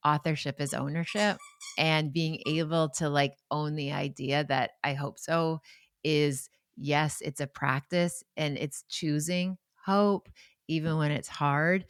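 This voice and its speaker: Low-voiced chatty woman podcaster. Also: clear, resonant tone, dry recording, clean studio sound. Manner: warm, chatty, enthusiastic, digresses into asides. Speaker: podcast host. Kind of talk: casual solo podcast talk.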